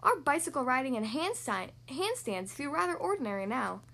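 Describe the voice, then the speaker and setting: A herd of suspicious cows from a children's storybook, grumbling and accusing, as a woman reads them aloud. The voice rises high and moves expressively. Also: sing-song, fairly quick, creaky, pushed and bright, exaggerated voice. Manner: doubtful, accusing.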